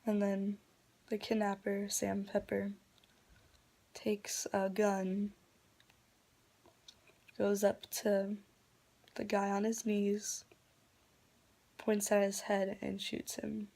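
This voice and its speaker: Slow, flat-voiced woman vlogger. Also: medium pitch, creaky. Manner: subdued, disgusted retelling with soft half-whispered stretches. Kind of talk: reaction commentary.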